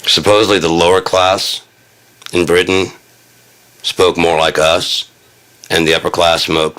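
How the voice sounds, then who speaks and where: A man's voice: sits low, sharp tone. A man vlogging in a rambling, profane rant, crude and sarcastic in his asides.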